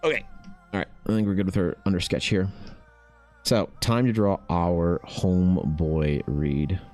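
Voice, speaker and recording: A man's voice: low voice, steady tone, unhurried, darkish tone, faint music behind. A man streaming while he draws, chatting casually in a laid-back, rambling way and swearing freely. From Canada. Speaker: art streamer.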